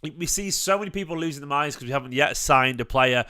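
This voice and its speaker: Bright-voiced opinionated man. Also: on the high side, quick pace, clean tone. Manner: opinionated, rambling with fillers and restarts. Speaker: fan channel host. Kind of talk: casual livestream football chat.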